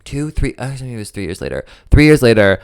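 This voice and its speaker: A young man co-hosting a podcast, telling a long story in a campy, animated way and often acting out quoted voices. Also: medium pitch, quick pace, gravelly, clean tone, dry recording, clean studio sound. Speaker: podcast co-host. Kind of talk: casual chat, storytelling.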